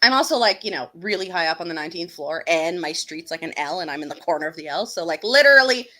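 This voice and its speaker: A woman's voice: fairly low pitch, lively intonation, quick pace, pushed and bright. A woman from Canada chatting casually on a livestream from her apartment, joking and giggling. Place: high-rise apartment, windy.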